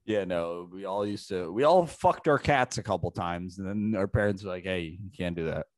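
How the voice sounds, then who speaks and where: Male podcast co-host, very low voice, animated swings, crude swearing. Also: normal speed, no room sound. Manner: crude, swearing, laughs often. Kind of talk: casual podcast chat.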